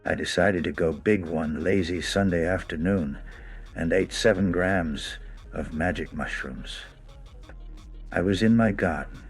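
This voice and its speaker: A man telling a scripted first-person story as narrator, wry and amused. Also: low voice.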